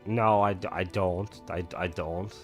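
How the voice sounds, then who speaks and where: A man's voice: low-pitched, steady tone, a little slow, faint music behind. A young man chatting casually while he streams a game, rambling with lots of fillers. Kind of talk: casual gameplay chat.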